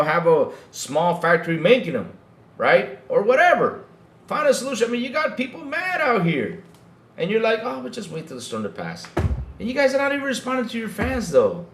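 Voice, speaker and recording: A man's voice: sits high, very animated, brisk, echoey room. A man hosting a livestream podcast, ranting heatedly to his chat and often repeating himself. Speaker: podcast host.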